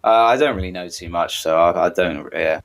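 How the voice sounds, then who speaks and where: Low, creaky-voiced podcast co-host. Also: male voice, brisk, a bit bright. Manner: easygoing, hesitant with ums. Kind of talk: casual chat.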